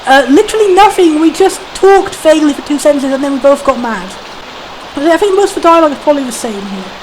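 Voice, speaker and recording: A woman's voice: sits high, expressive, fast talker, a little mellow, a little hiss or hum. A woman giving casual, chatty commentary while playing a video game, comparing it with other versions. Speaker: let's play host. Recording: game music behind.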